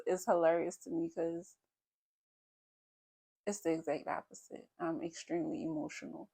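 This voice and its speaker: A woman's voice: lowish voice, steady tone, normal speed, vocal fry, a little mellow. A woman in her thirties, a vlogger talking candidly and bluntly to her viewers in a casual confessional style. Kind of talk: casual confessional vlog talk.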